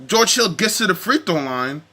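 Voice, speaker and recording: A man with a high, bright voice delivers a fired-up sports rant straight to the camera. He talks in a heated, animated way, full of exasperation at the game. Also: normal speed. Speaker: sports vlogger.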